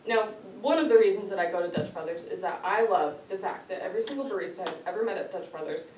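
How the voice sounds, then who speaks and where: A woman's voice: medium pitch, fast, a little mellow, a little hiss or hum. Woman, lighthearted prepared speech, laughs a lot; distant mic in an echoey hall, audience audible. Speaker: club speaker.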